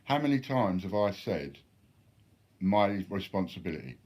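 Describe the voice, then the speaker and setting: A man's voice: lowish voice, big pitch swings, normal speed, a little mellow. A man replying bluntly to viewer chat during a live stream, swearing freely.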